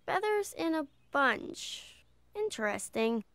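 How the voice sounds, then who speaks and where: Little Bear, a kind cub. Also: female voice, high voice, very animated, unhurried, fairly bright tone, no echo, exaggerated voice. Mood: curious. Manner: friendly, curious. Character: gentle curious young bear cub, kind.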